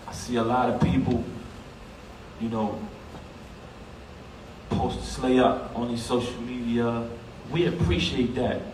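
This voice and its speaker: A man's voice: mid-range voice, fairly bright tone. A man with a New York accent giving a heartfelt eulogy at a funeral, speaking emphatically and casually, straight to the crowd. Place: funeral service in a large echoey hall. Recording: echoey hall from far off, noisy.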